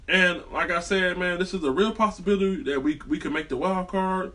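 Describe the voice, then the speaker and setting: A man's voice: a little high, fairly quick, few pauses, a bit bright. Profane man ranting from a distance. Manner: profane, heated, rambling with many fillers. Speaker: sports fan vlogger. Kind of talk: casual sports rant.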